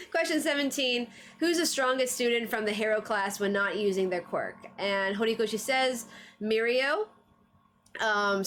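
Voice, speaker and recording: A woman's voice: medium pitch, fairly bright tone. Chatty woman streamer, laughing often. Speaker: streamer reviewing anime trivia. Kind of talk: casual livestream chat.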